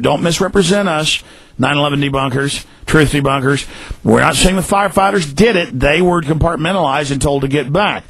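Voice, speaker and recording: A man with a gravelly, somewhat husky voice hosts a talk radio show, ranting in fast, combative bursts. His pitch sits a little high for a man. The sound is dry and close, like a studio microphone. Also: a bit bright, rough recording. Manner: fast, heated, ranting delivery with outbursts.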